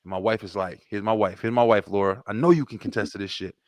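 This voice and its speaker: A middle-aged man hosting a podcast, telling stories in an animated, profane way. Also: on the low side, quick pace, dry recording, clean studio sound. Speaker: podcast host. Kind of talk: casual podcast chat.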